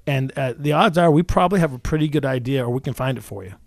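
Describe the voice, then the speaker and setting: A man in his forties hosting a radio talk show as a real estate agent, talking quickly with many restarts and repeated words. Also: medium pitch, gravelly, dry recording, studio quality. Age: 40s.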